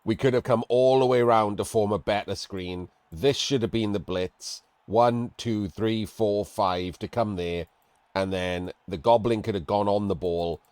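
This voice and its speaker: A man's voice: low voice, darkish tone, no room sound. A man giving casual, blunt and sarcastic commentary on a game replay, talking to his chat. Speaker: streamer reviewing a game replay.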